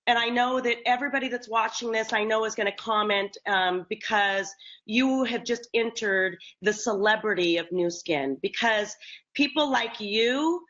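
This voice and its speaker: A woman with a fairly high voice hosts a live online chat, emphatic and effusive as she talks. The audio is dull and lo-fi, like a livestream. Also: normal speed, a bit bright. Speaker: host. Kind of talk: live social media chat.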